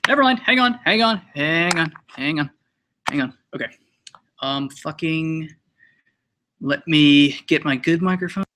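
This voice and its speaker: A man's voice: a little high, measured pace, pauses often, sharp tone. A young man hosting a live stream, chatting casually, rambling, swearing and laughing while he sets up. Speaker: stream host.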